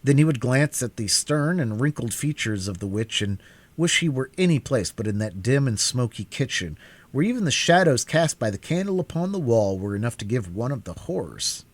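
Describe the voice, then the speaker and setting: A man narrates a storybook aloud with a lively, animated voice that swings freely up and down. His pitch is mid-range and his delivery stays expressive throughout. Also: normal speed. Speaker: reader. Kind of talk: live storybook reading.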